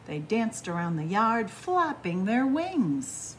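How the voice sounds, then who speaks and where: A woman librarian reads a children's picture book aloud, slow and unhurried, with a voice that rises and falls playfully. Her manner is animated and inviting, with a faint hum of room noise behind her. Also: mid-range voice.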